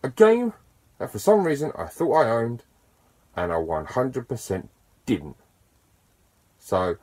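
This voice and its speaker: Enthusiastic man, chatty vlogger. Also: mid-range voice. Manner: chatty and enthusiastic, with bursts of excitement and self-deprecating asides. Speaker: YouTuber. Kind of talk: casual to-camera vlog talk.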